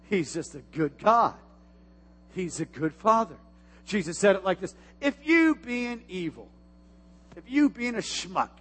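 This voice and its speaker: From the pulpit of a church sanctuary, a middle-aged pastor preaches a sermon in a high, ringing voice with a long church-hall reverb. He's animated, sinking to near-whispered asides and then bursting out loud.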